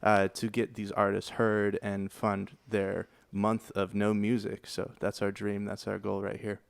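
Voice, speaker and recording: A woman co-hosting a music livestream, joking and lively. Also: extremely low pitch, unhurried, creaky, dry recording. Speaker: livestream co-host. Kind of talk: casual chat.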